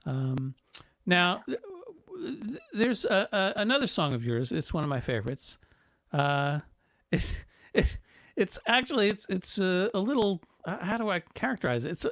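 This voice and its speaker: A man's voice: on the high side, fairly bright tone, no echo, studio quality. A man hosting a home webcast, introducing a guest with lots of hesitation. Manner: hesitant, many fillers and restarts. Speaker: host.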